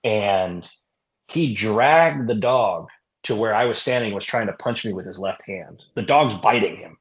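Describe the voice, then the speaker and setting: Low-voiced man telling a rambling cop story. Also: expressive, measured pace. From California. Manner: casual, rambling, lots of fillers. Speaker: former police officer guest. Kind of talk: storytelling in a podcast interview.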